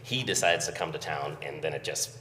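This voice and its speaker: A man's voice: extremely low pitch, brisk, bright, forceful tone, recorded from a distance, slight background noise. A man, an event organizer, telling a story casually at a conference, chuckling as he recounts it. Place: conference hall. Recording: echoey hall, voice from afar.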